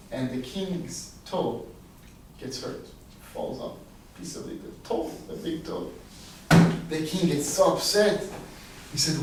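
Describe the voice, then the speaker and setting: A rabbi with a high voice tells a parable to his listeners in a relaxed, chatty way. He is recorded from far off, with heavy reverb from a large hall. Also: slight background noise. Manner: animated, conversational storytelling with asides. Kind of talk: storytelling sermon. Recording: very echoey, distant mic.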